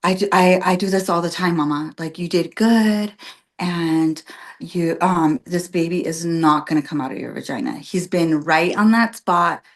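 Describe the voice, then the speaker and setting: A woman with a fairly low voice tells her story in relaxed, rambling chat. She fills her talk with "like" and "um" and acts out the voices of the people she quotes. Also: normal speed. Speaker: podcast guest, birth worker. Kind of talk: casual personal storytelling.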